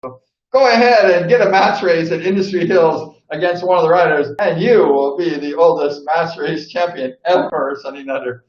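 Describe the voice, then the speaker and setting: A man tells loose, rambling stories in a casual vlog, leaning on fillers as he goes. His voice sits a little high. The recording is dull and lo-fi, with a roomy echo. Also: moderate pace. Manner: rambling, heavy on fillers like "like" and "you know". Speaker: vlog host and former speedway rider. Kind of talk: casual storytelling. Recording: echoey dull lo-fi room.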